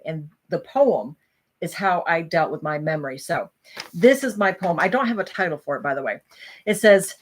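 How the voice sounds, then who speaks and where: A woman vlogger candidly sharing a personal story, speaking earnestly with halting pauses. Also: mid-range voice, lively intonation, fairly bright tone. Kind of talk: candid personal talk and poem reading.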